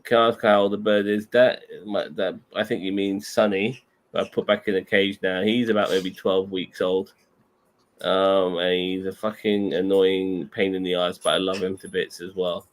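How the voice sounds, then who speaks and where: A man's voice: low-pitched, level tone, normal speed. A man chatting casually on a show, rambling and hesitant with many fillers. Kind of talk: casual chat.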